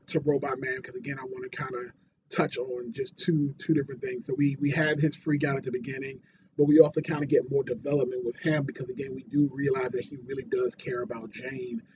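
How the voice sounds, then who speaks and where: A man's voice: mid-range voice, lo-fi sound, background noise. A man casually reviewing a TV episode, rambling with fillers and restarts and getting worked up when he retells scenes. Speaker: TV show reviewer.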